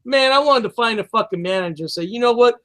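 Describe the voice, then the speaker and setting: A man's voice: very high voice, fast, pushed and bright. A man in his fifties co-hosting a podcast, ranting heatedly and swearing constantly. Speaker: podcast co-host. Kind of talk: casual profane chat.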